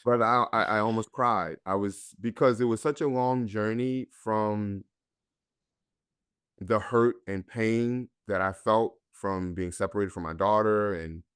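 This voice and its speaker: A man's voice: on the low side, fairly even intonation, a little slow, fairly bright tone, smooth, no room sound, studio quality. A man from North Carolina, an actor guest, earnestly and candidly telling his own story in a conversation.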